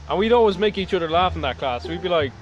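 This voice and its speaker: Animated young Irish male storyteller, high and lively, with loud music behind. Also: quick pace, lo-fi sound. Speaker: co-host. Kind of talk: casual storytelling chat.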